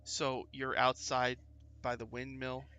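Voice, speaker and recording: A man running a tabletop game as game master, narrating in a loose, halting way with many fillers. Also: mid-range voice, little pitch movement, bright, forceful tone, clear, resonant tone, no echo.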